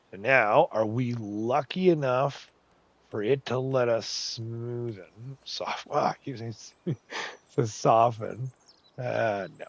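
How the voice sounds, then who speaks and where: An adult man talking through a game build in a relaxed, chatty way. His voice sits at an ordinary middle pitch, and he mutters and coaxes to himself, breaking into bursts of excitement as things work out. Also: slow, vocal fry, no room sound. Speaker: gaming channel host. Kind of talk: casual game tutorial commentary.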